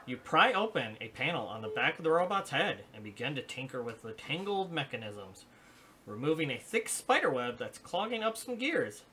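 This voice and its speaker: Bright-voiced man reading game story aloud. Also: medium pitch, sing-song, moderate pace. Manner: reads story text aloud with dramatic pacing. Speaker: game master reading quest text. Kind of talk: tabletop board game live play.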